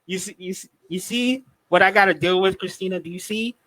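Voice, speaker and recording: Male co-host, bright high voice, dry close sound, playful heckler. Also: fairly quick, dry recording. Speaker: podcast co-host. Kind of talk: casual podcast banter.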